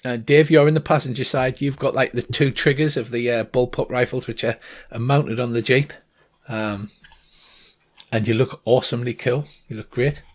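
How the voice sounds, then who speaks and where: An older man narrates a tabletop game as its game master. He talks at a middling pitch and stops often for hesitant fillers. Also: fairly even intonation, moderate pace.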